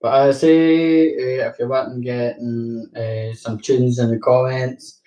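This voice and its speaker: A young Glasgow vlogger chats casually to his audience, rambling, cursing, and laughing a lot. His medium-pitched voice is mellow and level, and he speaks slowly. The recording is roomy and distant, with slight background noise.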